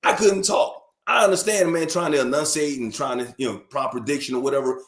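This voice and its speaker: A man from New York and Alabama, talking casually as a guest on a sports radio show, animated and emphatic, often repeating words when fired up. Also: on the high side, a little fast. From born in New York, raised in Alabama. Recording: echoey room.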